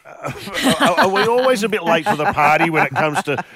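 A man's voice: fairly high pitch, lively intonation, a little fast, a bit bright. Joking male radio host. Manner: teasing, joking, blunt. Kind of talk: casual radio chat.

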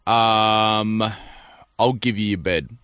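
A man's voice: lowish voice, steady tone, slow pace, a bit bright, clean tone, no room sound, clean studio sound. A man hosting breakfast radio, teasing his co-host in playful banter and laughing easily.

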